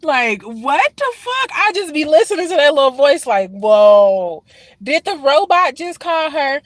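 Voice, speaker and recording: Brash, profane woman with a high voice. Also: very animated, measured pace, dry recording. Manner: brash, profane, swings between loud mockery and tired sighs. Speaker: reaction video host; football mom. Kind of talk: casual reaction commentary.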